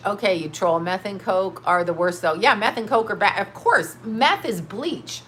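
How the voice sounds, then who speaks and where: A woman's voice: mid-range voice, expressive, unhurried, fairly bright tone, slight background noise. A middle-aged woman hosting a livestream, reading chat comments and ranting bluntly, with plenty of profanity. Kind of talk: casual livestream rant. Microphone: webcam or phone mic.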